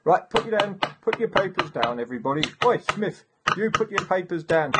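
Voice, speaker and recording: A man voicing a fussy, exasperated male schoolteacher in a comedy sketch, bossy, with slow deliberate speech and sudden shouts. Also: high voice, lively intonation, very noisy, pitched above the performer's own voice.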